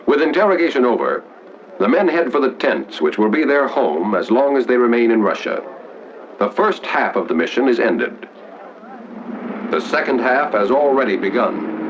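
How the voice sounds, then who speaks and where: A man narrating a 1940s wartime documentary in a measured, formal announcer style. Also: mid-range voice, sing-song, background noise. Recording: dull 1940s film soundtrack with music.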